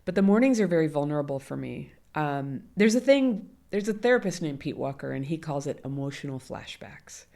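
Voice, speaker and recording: Woman, low voice, middle-aged, interview guest, candid, laughs often. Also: sing-song, fairly quick, vocal fry, hardly any pauses, mellow. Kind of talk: conversational interview.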